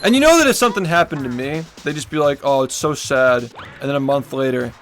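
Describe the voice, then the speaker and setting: Brief: male streamer, higher voice, heated profane rant, faint music underneath. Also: very animated, fast. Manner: angry, profane ranting. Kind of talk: livestream rant.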